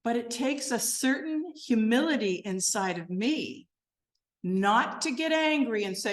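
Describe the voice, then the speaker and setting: An older woman minister giving a sermon, gentle and earnest, sinking to a soft, quiet voice as she leads a guided meditation. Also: animated, unhurried. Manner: gentle, earnest and softly spoken, dropping low and quiet.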